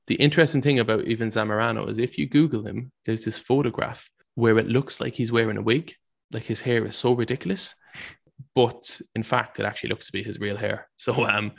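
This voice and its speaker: A man's voice: medium pitch, creaky. A man hosting a football trivia quiz on a podcast, reading questions and joking with the contestants. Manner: reads trivia questions, jokey. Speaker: quiz host. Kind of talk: casual podcast quiz chat.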